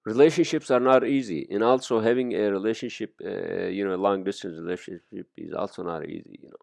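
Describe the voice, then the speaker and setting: Deep gravelly man rambling casually. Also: fairly quick, darkish tone, no room sound. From immigrant to the US. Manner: rambling, profane, many fillers. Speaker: podcast host. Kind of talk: casual monologue.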